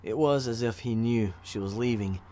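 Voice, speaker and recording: A man narrating a fantasy story in an even, measured reading voice. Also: mid-range voice. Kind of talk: audiobook narration of fantasy fiction.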